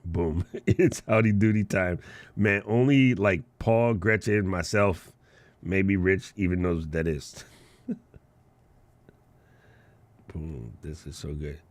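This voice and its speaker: A man hosting a live podcast, telling stories in a slangy, animated way and laughing often. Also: low-pitched, dry recording. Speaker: podcast host. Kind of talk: casual live-stream storytelling.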